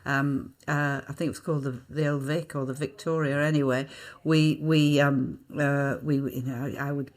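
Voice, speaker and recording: An older actress from Hull telling theatre stories as an interview guest, vivid and theatrical, often slipping into voices. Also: female voice, very deep voice, flat delivery, normal speed, few pauses. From Hull, England. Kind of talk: anecdotal interview storytelling.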